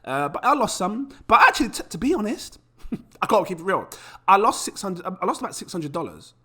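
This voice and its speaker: A lively man talking casually to his viewers, his fairly high voice swinging up and down. He sounds bright and forceful, and he keeps throwing out rhetorical questions. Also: brisk, slightly rough. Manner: animated, chatty, rhetorical questions. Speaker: crypto YouTuber. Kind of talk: casual to-camera talk.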